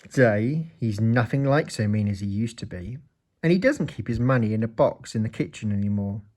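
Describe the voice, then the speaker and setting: A man reading a children's story aloud in an expressive, playful way. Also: medium pitch, moderate pace.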